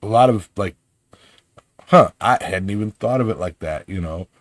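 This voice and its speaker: A man's voice: deep voice, expressive, moderate pace, no echo. A man co-hosting a casual podcast, rambling and joking as he talks, with plenty of restarts and fillers. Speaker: podcast co-host.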